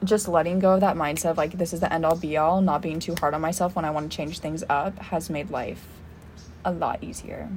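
A woman's voice: low-pitched, fairly even intonation, a little fast, a little mellow, a little hiss or hum. A young woman co-hosting a podcast, talking reflectively in a casual chat and filling her sentences with "like.". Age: young adult. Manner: reflective, rambling with many "like" fillers. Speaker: podcast co-host.

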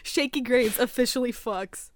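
A woman's voice: a little high, moderate pace, dry recording. A woman co-hosting a podcast in casual chat, playful and giggly, swearing freely. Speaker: podcast co-host.

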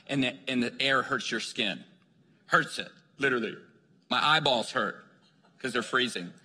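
A bright, forceful male preacher tells his story with animated energy, jumping into the voices of the people in it. His slightly husky voice rings out with a long reverb, as in a large hall. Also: a little high. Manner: animated storyteller acting out dialogue. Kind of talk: sermon storytelling.

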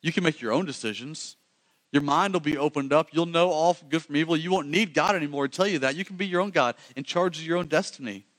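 A man voicing a tempting serpent, talking quick and persuasive in a sermon retelling. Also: a little high, fairly bright tone, natural voice. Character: smooth tempting male serpent.

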